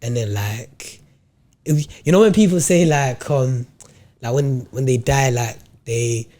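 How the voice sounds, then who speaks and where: A man's voice: medium pitch, a little slow. A young man on a podcast telling a faith story in casual slang, acting out what he thought and said. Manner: animated and slangy, acts out his own quoted thoughts. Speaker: podcast co-host.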